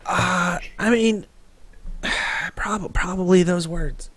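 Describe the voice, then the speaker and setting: A man's voice: high voice, fairly even intonation, extremely slow, fairly bright tone, slight background noise, exaggerated voice. A man voicing a nervous, dim-witted, illiterate male errand runner in a tabletop game, rambling and stammering through restarts. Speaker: game master.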